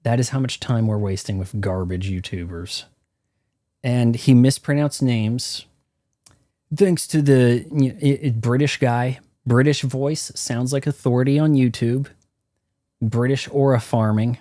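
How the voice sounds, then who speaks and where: A streamer rants through his gameplay commentary, profane and opinionated. His voice is mellow and dark, and it sounds dry and close. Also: medium pitch, steady tone, a little slow, no room sound. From United States.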